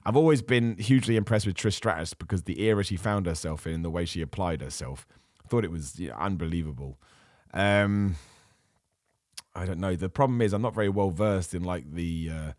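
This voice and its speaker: A man hosting a casual podcast, reading out viewer questions and answering them with chatty enthusiasm while his voice turns hoarse. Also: sits low, dry recording, studio quality. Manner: enthusiastic, chatty, frequent fillers and restarts. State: losing his voice. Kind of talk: casual chat.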